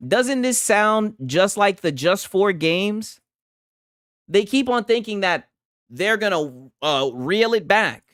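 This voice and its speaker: A man's voice: high-pitched, animated, takes it slowly, fairly bright tone, no room sound, studio quality. A man hosting a casual gaming livestream, reading chat aloud, talking loose and profane with frequent laughs and restarts.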